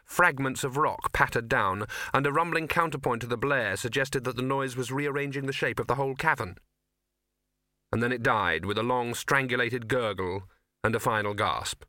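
A man reading a fantasy novel as audiobook narrator, with measured storytelling. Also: mid-range voice, bright, forceful tone, dry recording, studio quality. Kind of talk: scripted narration.

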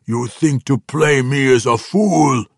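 A man voicing a cruel orc warlord who speaks with a growl and a soft purring menace. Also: medium pitch, slow, vocal fry, no room sound, clean studio sound, voice pushed up. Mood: menacing.

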